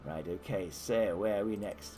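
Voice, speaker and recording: A man's voice: lowish voice, moderate pace, faint music behind. A man running a live tabletop adventure game for kids, narrating scenes and offering the players choices. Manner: animated storytelling, offering choices. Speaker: game master.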